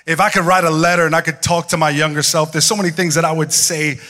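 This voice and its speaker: A young man preaching a sermon, telling stories in an animated way and acting out voices. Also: a little high, quick pace. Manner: animated storytelling, acts out voices and laughs. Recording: hall reverb.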